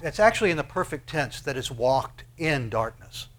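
Very animated and mid-range in pitch, a preaching pastor peppers his audience with questions throughout his sermon. He shifts from hushed, unhurried moments to loud, rising ones and back again.

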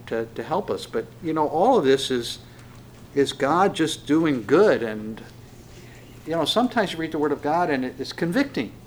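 A male pastor preaching in a relaxed, folksy way with frequent fillers and restarts. He slows down and raises his voice when reading scripture verses aloud. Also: medium pitch, a little hiss or hum. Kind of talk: conversational sermon with scripture reading.

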